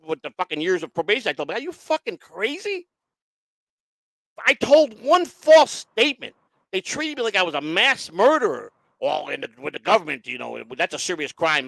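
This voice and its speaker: Fast-talking, blunt, swearing man. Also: a little high, animated, gravelly, pushed and bright, no echo. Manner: blunt, swears constantly, acts out other people's lines. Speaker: guest telling his story. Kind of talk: casual profane storytelling.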